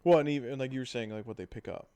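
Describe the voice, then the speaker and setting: A man in his thirties co-hosting a casual podcast, talking in a rambling, profane, animated way. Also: medium pitch, rapid-fire, clean tone, dry recording. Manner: rambling, profane, animated storytelling with acted-out quotes. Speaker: podcast co-host. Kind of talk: casual chat.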